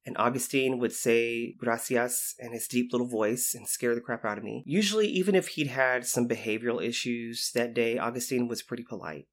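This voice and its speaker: A man telling lively stories about his time as a youth intervention specialist, acting out the voices of the people in them. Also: mid-range voice, fairly quick, few pauses. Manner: animated, acts out quoted voices. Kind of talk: storytelling anecdote.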